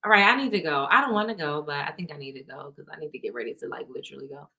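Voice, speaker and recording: A woman's voice: sits low, very fast, gravelly, pushed and bright. A young woman hosting a casual live stream, reading comments aloud, laughing often and swearing playfully.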